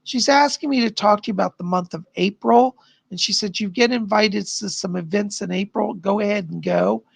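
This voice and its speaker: On a dry recording, a male livestream host gives chatty psychic readings, reading viewers' questions aloud and passing along spirit messages. His high voice is gravelly with a breathy edge, and he talks at a normal speed.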